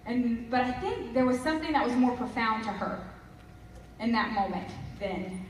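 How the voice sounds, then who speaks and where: Female preacher, storytelling style, slightly high pitch, chatty asides; roomy hall sound, distant mic. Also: animated, moderate pace, a little hiss or hum. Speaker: guest speaker. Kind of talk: storytelling sermon.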